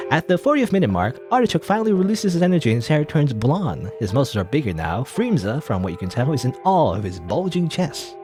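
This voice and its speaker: A man hosting a let's play, reading a game's text aloud with playful, laughing asides. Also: medium pitch.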